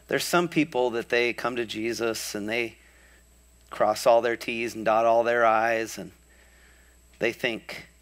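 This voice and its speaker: A man's voice: medium pitch, steady tone, a little slow, fairly bright tone, clean tone. A male pastor preaching a sermon to a live congregation, storytelling with humorous asides and building to impassioned crescendos. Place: church before a live congregation.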